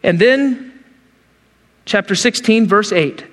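A middle-aged man preaching a sermon as a pastor, telling the story in an animated way and acting out the quotes in character voices. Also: sits high, slow. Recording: long hall reverb.

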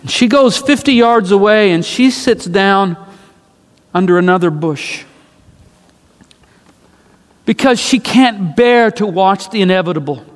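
A man delivers a sermon as dramatic storytelling, leaning on repeated phrases for emphasis. His voice sits high for a man and moves slowly. A long reverb from a large hall hangs on every line. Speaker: preacher.

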